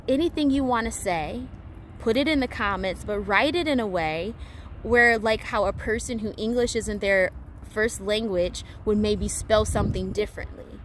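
A woman giving a casual spiritual talk, rambling with many fillers and restarts, playful and animated. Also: medium pitch, slight background noise. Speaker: spiritual teacher.

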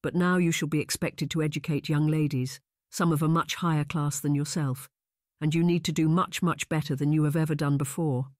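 A man voicing a proper young aristocrat in an audiobook, speaking in a measured, formal, lecturing way. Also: fairly high pitch, fairly even intonation, darkish tone, dry recording, studio quality, close to an everyday voice. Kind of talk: audiobook narration.

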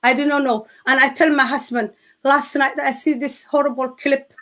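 A middle-aged woman from Somalia, a Somali native speaker, tells her personal testimony with halting phrasing and many restarts. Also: high voice, fairly even intonation, pushed and bright. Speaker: guest telling her testimony.

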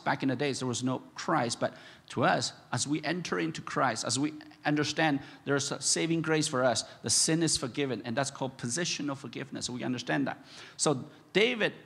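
A man pastor preaching a sermon, repeating his phrases and rising loud and high when impassioned. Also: vocal fry, slightly rough. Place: church sanctuary. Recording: echoey church hall.

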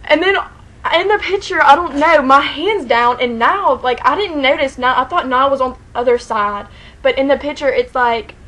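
A woman telling a story to the camera in a casual vlog, excited and rambling, saying "like" constantly and laughing often. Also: high voice, moderate pace, poor audio. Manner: excited, rambling, heavy use of "like", frequent laughter.

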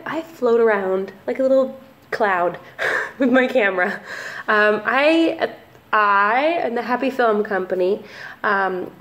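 Young woman, relaxed chatty vlog talk, mid-pitched voice, easygoing. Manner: chatty, relaxed, frequent ums and likes. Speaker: family photographer. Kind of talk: casual talking-head vlog.

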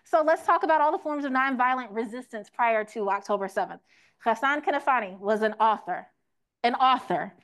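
A woman's voice: a little high, expressive, a little fast, a bit bright. A young woman teaching a room, asking the audience questions and acting out quoted voices. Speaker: teach-in speaker. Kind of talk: interactive classroom lecture.

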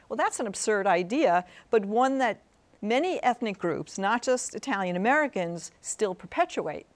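A woman's voice: mid-range voice, lively intonation, normal speed. A woman academic talking as a guest on a studio interview program. Her voice sits in the middle range. She argues her points earnestly and keeps asking "right?" to draw her listener in. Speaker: guest professor.

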